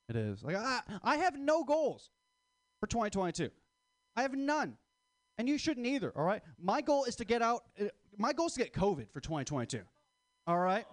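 A man's voice: sits high, no echo, clean studio sound. A man in his twenties doing a stand-up comedy set, crude, rambling and self-mocking. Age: 20s. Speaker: stand-up comic.

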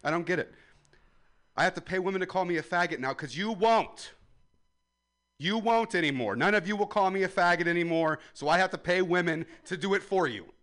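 A man's voice: high voice, fairly quick. Ranting young male stand-up comic. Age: 20s. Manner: loud ranting crowd work, swings between yelling and muttering. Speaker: stand-up comedian. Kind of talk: stand-up comedy set.

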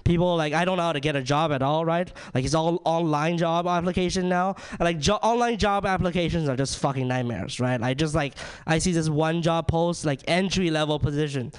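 Ranting young stand-up comedian, smooth voice. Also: male voice, a little high, brisk, hardly any pauses. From China. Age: young adult. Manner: ranting, self-deprecating, heavy use of "like" and "right?".

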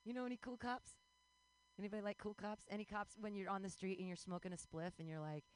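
A woman's voice: medium pitch, steady tone, fast, clear, resonant tone, poor audio. A woman in her forties doing a bawdy, self-mocking stand-up set, breaking into squealing voices. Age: 40s. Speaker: stand-up comedian.

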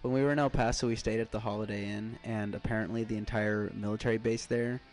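A man's voice: lowish voice, level tone, quick pace, darkish tone, faint music behind. A man co-hosting a casual talk show, telling rambling stories in crude slang. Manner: loose storytelling, slangy and crude. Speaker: podcast co-host. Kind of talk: casual chat.

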